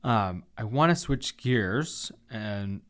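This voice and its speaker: Low-voiced man hosting a podcast. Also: lively intonation, takes it slowly. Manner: reflective, steers the conversation with questions. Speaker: podcast host. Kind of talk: conversational interview.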